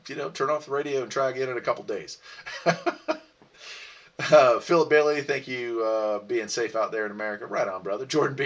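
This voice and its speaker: A man's voice: on the low side, far from the mic. Rambling man chatting on a livestream. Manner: relaxed, rambling, laughs often. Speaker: livestream host. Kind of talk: casual chat reading viewer comments.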